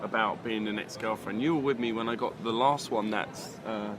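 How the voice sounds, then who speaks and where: A man co-hosting a podcast in casual outdoor chat, laughing often and quick to agree. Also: fairly low pitch, fairly even intonation. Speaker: podcast co-host. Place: busy city street outdoors. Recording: outdoor street crowd noise. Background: passing crowd and traffic.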